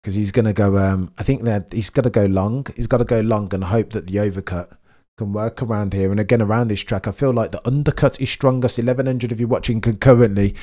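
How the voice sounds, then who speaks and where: Talking fast in a fairly low voice, a young streamer comments live on a race for his chat, addressing viewers directly and chattily. One moment he's quietly mumbling with nerves, the next he's shouting with excitement.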